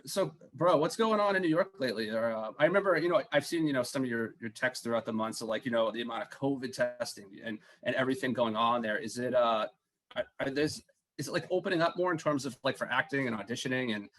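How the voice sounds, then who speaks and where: A man with a Boston accent co-hosts a podcast. He is a comedian and keeps the talk joking and animated. His pitch sits in a mid range. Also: fast. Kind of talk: casual podcast chat.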